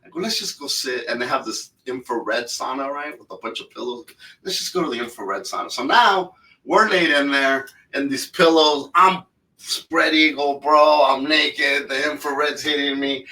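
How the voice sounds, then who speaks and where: A man co-hosting a podcast and telling an animated, profanity-laced story. His voice has a bright edge. It is recorded a little off-mic in an echoey room. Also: a little high, distant mic. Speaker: podcast co-host. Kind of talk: casual storytelling chat.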